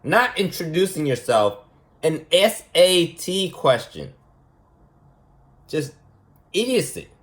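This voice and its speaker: A man's voice: on the high side, very animated, slow, long pauses, a bit bright. A man talking as a preschool teacher in a rambling, mocking monologue, repeating his points for emphasis. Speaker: preschool teacher giving a lesson.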